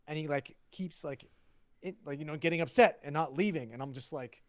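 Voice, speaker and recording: A man co-hosting a podcast, telling a story in casual chat, animated and swearing as he acts out the dialogue. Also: a little high, fairly quick, no echo, clean studio sound. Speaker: podcast co-host.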